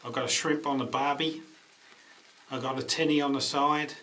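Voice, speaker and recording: A man's voice: mid-range voice, steady tone, normal speed, bright, forceful tone, pitched above the performer's own voice, close to an everyday voice. A man putting on a cheery, stereotyped Australian bloke's voice with a put-on Australian accent, hearty and slangy. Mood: jolly boastful.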